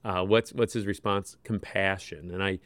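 A man co-hosting a conversational Bible discussion, thoughtful and gentle, with casual fillers as he reflects. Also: sits low, fairly even intonation, moderate pace, clean tone, no room sound. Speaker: co-host.

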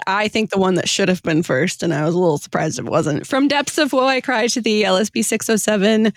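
A woman's voice: fairly high pitch, no echo, clean studio sound. A woman hosting a podcast, chatting casually, laughing often and reading hymn texts aloud with feeling. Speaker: podcast host.

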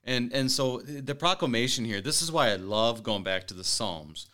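A man hosting a Bible study radio talk, earnest and quick to laugh, reading scripture aloud. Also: mid-range voice, expressive, sharp tone. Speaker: host.

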